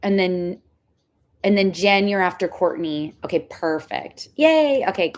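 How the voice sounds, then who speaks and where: A young woman reading tarot on a livestream, chatting casually with viewers. She is excitable and says "like" a lot. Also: lowish voice, a little slow. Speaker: tarot reader hosting a livestream.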